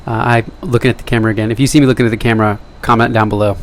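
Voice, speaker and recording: A young man rambles to camera in a casual vlog, poking fun at himself and wandering off into asides. His fairly low, steady voice is rapid-fire, with a little hiss or hum behind it.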